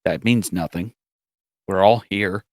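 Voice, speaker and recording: A persuasive male hero in a tabletop game, as a man plays him, pressing with question after question. The voice is low and recorded dry. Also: a little slow, no room sound.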